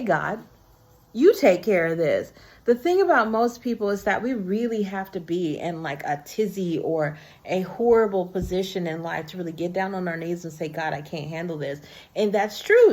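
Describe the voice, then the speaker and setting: An earnest woman talks to her viewers in a relaxed, personal vlog. Her voice sits at an everyday middle pitch. She speaks with a sincere, heartfelt, conversational warmth, picked up by the built-in mic of a camera or phone. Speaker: vlogger. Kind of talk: casual personal talk to camera.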